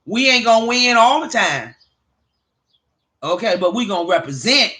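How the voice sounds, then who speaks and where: A woman hosting a livestream, chatting casually with viewers and telling animated, profane stories. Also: on the high side, moderate pace. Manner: addresses viewers by name. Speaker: livestream host.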